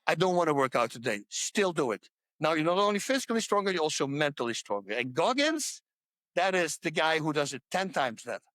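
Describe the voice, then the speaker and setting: Animated older man, fairly high voice. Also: a little fast, dry recording. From Netherlands. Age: 60s. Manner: animated, emphatic storytelling. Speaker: podcast guest. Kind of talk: casual chat.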